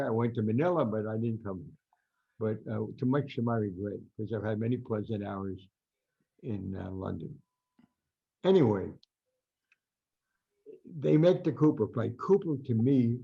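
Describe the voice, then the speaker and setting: Gravelly older New Jersey man telling stories. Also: medium pitch, dark tone. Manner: rambling anecdotal storyteller, acts out quotes. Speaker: guest boxing writer. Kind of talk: storytelling interview. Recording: dull lo-fi podcast audio.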